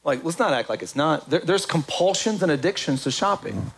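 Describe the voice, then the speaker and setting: A man preaching a sermon in an animated, conversational way, with quick asides to the congregation. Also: a little high, breathy edge. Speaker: pastor.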